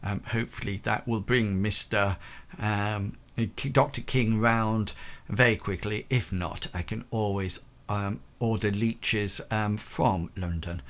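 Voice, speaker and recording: A man's voice: on the low side, fairly even intonation, a bit bright. A man playing a stern aristocratic widow in a tabletop game, speaking formally with frequent hesitations. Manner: formal, halting, with many ums.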